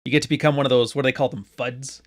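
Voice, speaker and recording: A man's voice: medium pitch, level tone, very fast. A man in his late thirties from Canada, hosting a podcast in loose, joking chat with his live audience, swearing freely. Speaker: podcast host. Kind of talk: casual live-stream talk to a chat.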